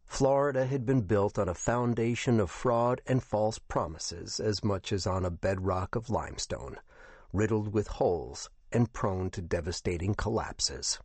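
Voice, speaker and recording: A man narrating a first-person audiobook in a measured, even way. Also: on the low side, husky, no room sound.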